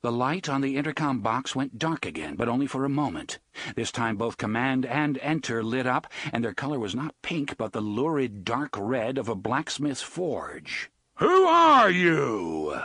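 A man giving an expressive, dramatic audiobook narration on a close studio mic. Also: medium pitch, normal speed, breathy edge, dry recording.

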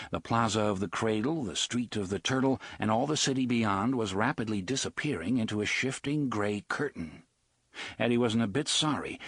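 A man reading an audiobook in a steady scripted narration, with a husky voice. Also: fairly low pitch, no room sound, studio quality.

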